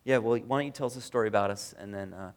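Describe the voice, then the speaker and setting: A man preaching a sermon as pastor, earnest, moving between strong emphasis and hushed tender passages. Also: lowish voice, rapid-fire. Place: church.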